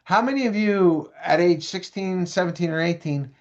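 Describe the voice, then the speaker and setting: A man lectures parents, animated and full of stories and audience questions. His voice sits a bit high for a man. The recording sounds dull and lo-fi. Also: normal speed. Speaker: prevention speaker for parents. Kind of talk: parent education presentation.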